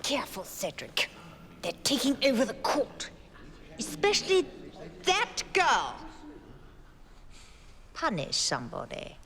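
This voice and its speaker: An actress playing a bossy, hot-tempered queen who barks orders in a shrill, drawn-out voice. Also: wildly swooping pitch, a bit bright, in a large hall, full character voice. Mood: furious. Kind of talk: film acting.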